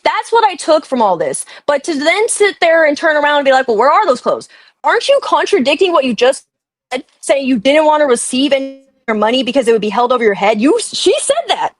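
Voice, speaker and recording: A woman's voice: high voice, big pitch swings, a little fast, no echo. A woman ranting angrily on a livestream chat, swearing often and venting about someone. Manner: angry, profane ranting. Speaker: guest.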